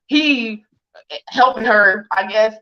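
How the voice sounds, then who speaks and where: Woman ranting defiant on a video call, kinda high voice, muffled lo-fi sound. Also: bright, forceful tone. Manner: defiant, indignant, rapid rhetorical questions. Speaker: interview guest. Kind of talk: heated livestream interview. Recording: muffled lo-fi stream audio.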